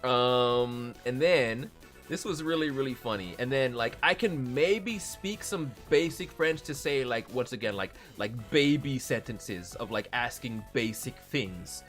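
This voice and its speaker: A man, a voice actor, hosting a casual live stream and answering viewer messages, chatty and animated. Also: medium pitch, unhurried, soft background music. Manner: chatty and animated, often laughing.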